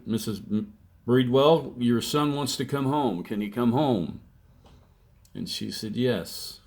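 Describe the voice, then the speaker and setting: An older man in his sixties tells his life story at an unhurried, deliberate pace. His speech is plainspoken, and he acts out what people said to him along the way. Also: mid-range voice, a little mellow. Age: 60s. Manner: plainspoken, slow storytelling with re-enacted quotes. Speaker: testimony speaker. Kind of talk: personal testimony, storytelling.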